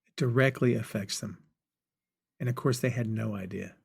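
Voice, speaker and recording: A man's voice: mid-range voice, normal speed, gravelly, breathy edge, no echo, studio quality. A man hosting a podcast, chatting casually and retelling film scenes with laughter. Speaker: podcast host.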